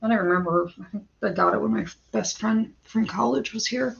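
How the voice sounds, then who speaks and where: Rambling gravelly-voiced woman livestream host. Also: mid-range voice, fairly quick. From western Pennsylvania, USA. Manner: rambling and chatty, greets chat viewers by name; frequent stammered restarts and filler words. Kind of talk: casual livestream chat. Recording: dull lo-fi stream audio.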